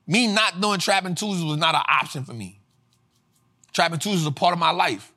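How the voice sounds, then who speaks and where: A male host teaching personal finance to a live audience in a casual, slang-filled way, swinging into sermon-like, sung-out shouts. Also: fairly high pitch, brisk. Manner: preacher-like cadence, rising to shouts. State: tired after a flight. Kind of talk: motivational livestream teaching.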